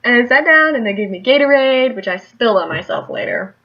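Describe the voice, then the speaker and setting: A woman's voice: fairly high pitch, animated, fairly quick, lo-fi sound. Chatty young woman vlogging. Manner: chatty, rambling, laughs often. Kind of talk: casual storytelling vlog.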